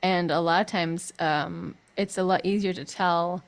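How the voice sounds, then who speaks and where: A woman's voice: fairly low pitch, fairly even intonation, unhurried, creaky. A woman vocal coach giving a chatty online group singing lesson, breaking into sung demonstrations.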